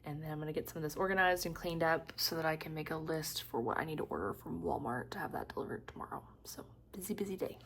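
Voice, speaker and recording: A woman hiker chatting casually to her phone camera, gushing and often dropping into a hushed half-whisper. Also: sits low, fast, few pauses, a little hiss or hum. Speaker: long-distance hiker vlogging. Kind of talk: casual vlog chat.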